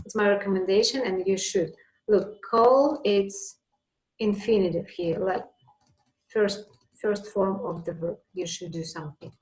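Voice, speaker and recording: A woman's voice: medium pitch, measured pace, echoey room, poor audio. A woman teaching an English lesson, patiently explaining with examples.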